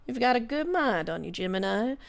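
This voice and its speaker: A woman's voice: a little high, lively intonation, a little fast, gravelly, pitched above the performer's own voice. A woman voicing a sly, charming male fey stranger in a tabletop game, with a teasing manner. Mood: coaxing. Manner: silky, teasing, calls people darling. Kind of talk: tabletop game role-play.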